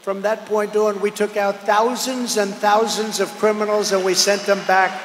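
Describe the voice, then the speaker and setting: An older man giving a campaign rally speech, rambling and repetitive, swinging between loud declarations and low asides. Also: flat delivery, normal speed, noisy background. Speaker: political candidate at a rally. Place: large outdoor or arena rally. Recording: echoey hall with long reverb.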